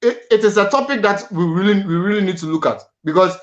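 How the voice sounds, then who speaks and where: A man's voice: high voice, fast. Male host, earnest, repeats and restarts words, muffled lo-fi sound. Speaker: boxing show host. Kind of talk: panel discussion on boxing.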